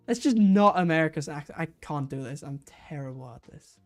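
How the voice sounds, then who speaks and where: Low-voiced woman hosting a chatty livestream. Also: lively intonation, brisk, few pauses, darkish tone, soft background music. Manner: chatty, giggly, trips over words. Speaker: livestream host running a quiz. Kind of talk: casual live-stream chat.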